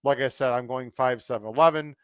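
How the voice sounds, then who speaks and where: A man co-hosting a podcast, casually talking through horse race picks in an analytical, chatty way and gently ribbing his co-host. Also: medium pitch, brisk, smooth, dry recording, lo-fi sound. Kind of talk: casual chat.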